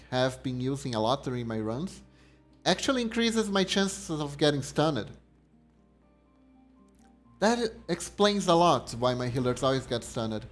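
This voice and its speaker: A young man streaming a game, talking in an unhurried, musing way. He reads menus and text aloud as he plays, with a mid-range voice. Faint game music plays under his talk. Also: mid-range voice. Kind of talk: casual game commentary.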